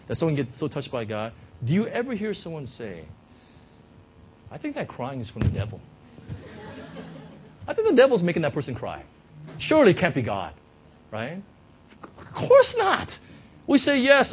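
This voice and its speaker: A man preaching a sermon as pastor, talking conversationally with many fillers and rhetorical questions. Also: fairly high pitch. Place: church.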